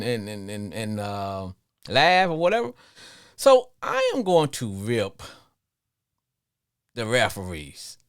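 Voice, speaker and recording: A middle-aged man hosting a live sports call-in show, rambling and repeating himself as he talks, with frequent chuckles. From Arkansas, with Louisiana family. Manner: rambling, repeats words, laughs often, lively swings in pitch. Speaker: podcast host.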